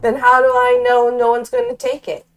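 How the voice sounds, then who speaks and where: A man voicing a fretful, high-voiced warrior who wants a receipt for his axe. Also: very animated, normal speed, creaky, faint music behind, exaggerated voice. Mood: fussy.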